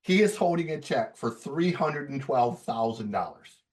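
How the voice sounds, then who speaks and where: A man telling stories on a podcast in a casual, profane, animated way. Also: medium pitch, normal speed, recorded from a distance. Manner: profane, animated storyteller who laughs as he talks.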